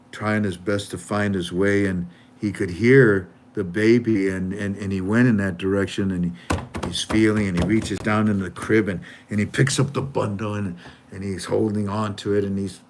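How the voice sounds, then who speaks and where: A man in his seventies, the host of his channel, telling a heartfelt story in a halting way and repeating words as he searches for them. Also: on the low side. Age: 70s. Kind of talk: heartfelt storytelling with a religious close.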